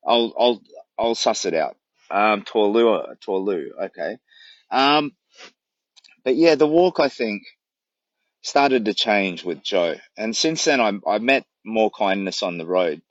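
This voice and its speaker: A man's voice: lowish voice, lively intonation, takes it slowly, no echo, highs cut off. An Australian man on a long charity walk, chatting casually to a livestream from his camp in the bush and telling rambling stories with a laugh. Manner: rambling, warm storytelling with laughs. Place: camped outdoors in the bush. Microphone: phone livestream.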